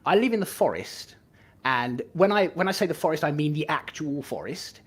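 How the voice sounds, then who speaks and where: An Englishman with a Norfolk accent talks in a slightly high voice that swings widely up and down. He chats casually as a podcast guest, laughing often and restarting his sentences. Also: big pitch swings, moderate pace, slightly rough. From England. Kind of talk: casual chat.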